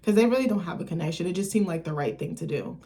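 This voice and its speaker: A young woman talks through a film's plot from her computer at home, in a loose, rambling way full of "like" and "um." She swears casually, corrects herself often and slips into quick voices for the characters. Her voice sits a little low for a woman. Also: expressive, warm tone. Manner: rambling, swears freely, many fillers and self-corrections. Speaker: vlogger reviewing a film. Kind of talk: casual chat, retelling a plot.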